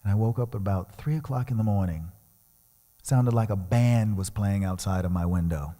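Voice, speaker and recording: A man's voice: lowish voice, normal speed, dark tone. A male guest speaker and musician giving a storytelling sermon, dramatically acting out the voices in his story. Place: large church sanctuary. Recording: long reverb of a church hall.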